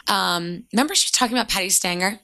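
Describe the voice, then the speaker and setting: A young woman co-hosting a podcast, rambling and gushing with plenty of fillers. Her tone is bright and sharp, and heavy vocal fry creaks through her phrases. It sounds like relaxed chat between friends. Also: mid-range voice, fast talker. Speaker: podcast co-host. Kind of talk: casual chat.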